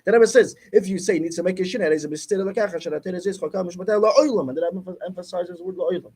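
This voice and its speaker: A man's voice: sits high, rapid-fire, a little mellow, slightly rough. A man teaching a Torah class, arguing insistently with his students and mixing in Yiddish and Hebrew terms. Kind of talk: heated study-class debate.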